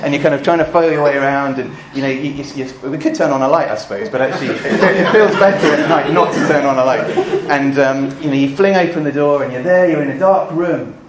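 A man preaching a sermon, full of rhetorical questions and swinging between loud emphasis and hushed asides. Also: a little high, quick pace, few pauses, a crowd in the background. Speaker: pastor.

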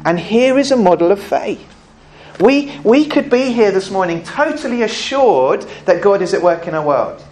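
A man's voice: high voice, sing-song, moderate pace, a little mellow, a little hiss or hum. A man preaching a sermon in church, conversational and earnest, often putting questions to the congregation.

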